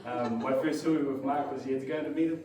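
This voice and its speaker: A man's voice: mid-range voice, steady tone. Choked-up young New Zealand man, echoey. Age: young adult. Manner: halting, full of fillers, voice choking up. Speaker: colleague giving a farewell speech. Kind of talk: emotional farewell speech. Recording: echoey room, distant mic, loud noise.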